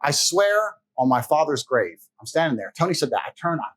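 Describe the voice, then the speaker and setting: A man's voice: fairly high pitch, very animated, fairly quick, a bit bright. Brash, profane man telling stories. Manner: brash, profane, boastful, laughing often. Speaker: podcast guest. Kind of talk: casual storytelling chat.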